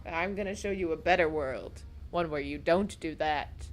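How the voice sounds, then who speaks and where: A woman's voice: deep voice, moderate pace, faint music behind. A young woman streaming a game from home at a desk mic, gushing and emotional, baby-talking to her pets. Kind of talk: gaming livestream chat. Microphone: desk microphone.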